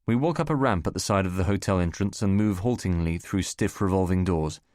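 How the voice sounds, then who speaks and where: A man reading a first-person spy novel as an audiobook narrator, measured and wry. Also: low voice, darkish tone, dry recording, clean studio sound.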